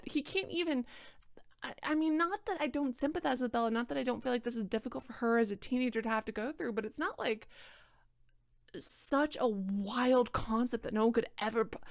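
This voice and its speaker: Tipsy, sarcastic young woman with gravelly fry. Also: sits high, brisk, no echo, clean studio sound. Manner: sarcastic, rambling with restarts. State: tipsy from wine. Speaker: book reader and commentator. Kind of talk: casual reading and roast.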